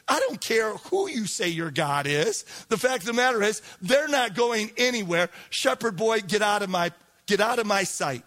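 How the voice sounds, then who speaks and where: A man's voice: high-pitched, expressive, moderate pace, a bit bright. A man voicing a scornful, arrogant king who mocks and dismisses people in blunt slang.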